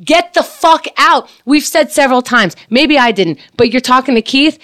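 A woman co-hosts a casual podcast, ranting indignantly and swearing hard. Her pitch swings widely as she talks. The sound is dry and close to the mic. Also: animated, normal speed, fairly bright tone, no echo. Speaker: podcast co-host.

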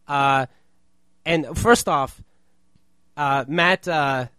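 A man's voice: on the high side, extremely slow, sharp tone, smooth, no room sound. A man co-hosting a casual podcast chat, telling stories animatedly and laughing often. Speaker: podcast co-host.

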